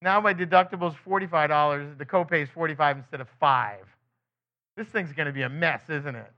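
Teaching a sermon, a Bible teacher with a high voice often poses rhetorical questions to the listeners. Now and then he acts out quick quotes of other people, all on a dull, lo-fi recording.

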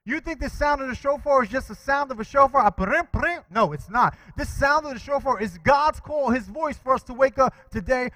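High-voiced man preaching a lively sermon. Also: a little fast, hardly any pauses, dry recording, poor audio. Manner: animated preaching, asks the congregation for responses. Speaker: pastor.

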